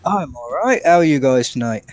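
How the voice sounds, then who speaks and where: A man's voice: lively intonation, a little fast, a little mellow. Hesitant Englishman on a video call. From England. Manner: hesitant, low-key. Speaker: guest caller.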